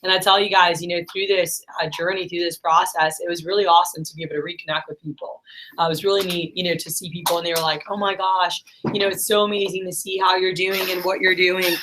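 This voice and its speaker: A middle-aged woman, a vlogger and business manager, talks fast in a lowish, flat voice with background noise behind her. She addresses her viewers casually and earnestly, rambling with lots of fillers and pep-talk asides.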